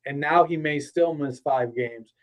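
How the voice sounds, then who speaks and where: A man's voice: a little high, a little slow, poor audio. Blunt, joking male podcast guest. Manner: blunt, salty and joking, with many fillers. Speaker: guest analyst. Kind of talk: casual sports chat.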